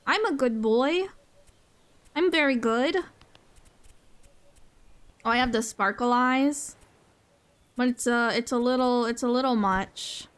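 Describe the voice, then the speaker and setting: A young woman chats casually as she streams a game, her voice sitting a little high. She talks at an unhurried pace. She gets excited easily, gasps often and repeats her phrases. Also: clean tone.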